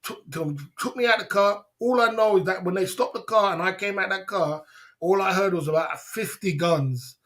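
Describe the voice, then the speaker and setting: Higher-voiced British man rambling on a livestream. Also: normal speed, a bit bright. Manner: rambling, chuckles often, keeps asking "you know what I'm saying". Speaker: livestream host. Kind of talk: casual livestream storytelling.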